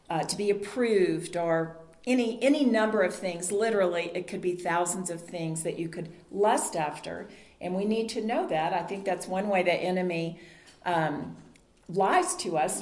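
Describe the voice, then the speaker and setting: In a fairly low-pitched, darkish voice, a woman leads a Bible study group gathered in a meeting room, preaching earnestly yet conversationally and putting questions to them. The sound carries a roomy echo.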